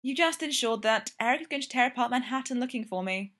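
A prim male professor who speaks formally and sounds put-upon and exasperated, as a woman reads him. The voice rises in pitch as he protests, lively in a read-aloud story. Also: fast. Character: proper, frustrated male professor in therapy.

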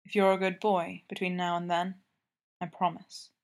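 A woman voicing a calm, dominant young man who speaks low, steady and reassuring. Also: moderate pace, lightly acted. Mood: promising.

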